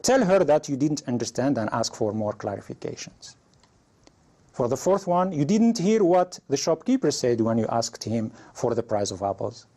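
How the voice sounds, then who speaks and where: Leading a classroom English lesson, this man reads out example prompts and quizzes his learners on how they'd respond. His medium-pitched, warm voice swings widely in pitch, and he speaks at normal speed.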